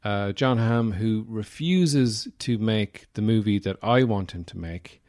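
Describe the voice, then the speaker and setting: An Irish podcast host with a low, darkish voice talks solo at a measured pace in a casual way. He rambles and digresses, filling gaps with lots of "uh," and his humor is wry and self-deprecating.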